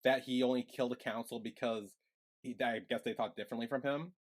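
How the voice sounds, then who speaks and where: A man co-hosting a podcast, recapping the plot in a relaxed way with many "like"s and quoted lines. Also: medium pitch, fast. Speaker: podcast co-host. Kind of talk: casual recap chat.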